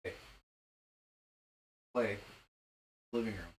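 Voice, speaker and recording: A man hosting a live stream from home as a music producer, chatting casually in a relaxed, joking way. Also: on the low side, takes it slowly, slight background noise. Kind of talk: casual livestream chat.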